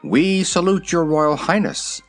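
A man reading aloud, voicing a small, gentle old male wizard in a hushed, kindly way. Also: fairly high pitch, unhurried, soft background music, voice pushed up, close to an everyday voice.

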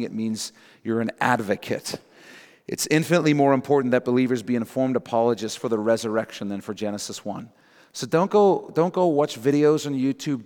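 A male pastor preaching in an emphatic, direct manner, pressing his points through repetition at a mid pitch. His voice rings with long reverb through a large sanctuary. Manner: emphatic, repeats key phrases, direct exhortation. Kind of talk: sermon. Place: church sanctuary.

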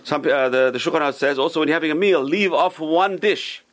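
A man teaching a Torah class as a rabbi, emphatic and repeating his key words, who tells stories in an animated way. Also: a little high, fast talker, rough recording.

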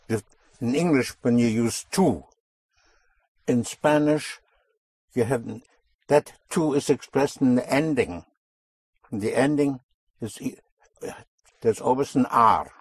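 Slow patient man teaching Spanish. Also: mid-range voice, a little mellow, slightly rough, no echo. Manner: patient, repeats answers back slowly. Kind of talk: language lesson.

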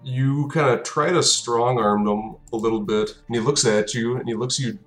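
A man's voice: medium pitch, steady tone, normal speed, faint music behind. Echoey dungeon master, man. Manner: describes scenes and voices characters between rulings. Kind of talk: narrating a tabletop game.

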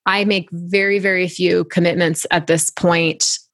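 A woman's voice: on the low side, fairly even intonation, measured pace, a bit bright, dry recording. Female podcast co-host and coach, chatty and easy-laughing, dry close mic. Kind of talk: casual podcast chat.

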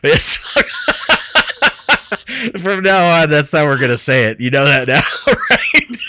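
A man's voice: fairly high pitch, very animated, slow, bright, forceful tone, slight background noise. A man hosting a podcast, telling a story in casual chat, laughing often and swearing freely. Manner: profane. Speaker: podcast host.

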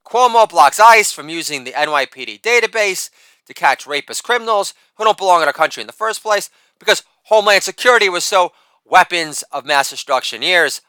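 Middle-aged man, satirical ranter, profane, high and very animated delivery. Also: fairly quick, clean tone, no room sound. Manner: profane and sardonic, with a shouted catchphrase. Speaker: writer reading his own piece. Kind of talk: satirical rant reading.

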